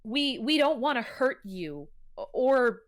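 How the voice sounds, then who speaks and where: Woman voices earnest young male adventurer; gentle, hesitant pleading, tabletop role-play. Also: a little high, sing-song, slow pace.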